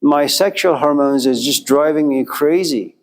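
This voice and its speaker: Man telling a lecture story, higher pitch. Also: a little slow. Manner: repetitive, rhythmic storytelling with quoted inner voices.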